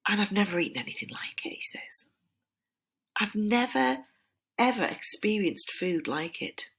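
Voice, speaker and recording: A woman voicing a sly, flattering male serpent tempter, wheedling and dropping into breathy whispers. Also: medium pitch, slow, pitched above the performer's own voice, full character voice. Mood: awestruck. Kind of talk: dramatized reading of a poem.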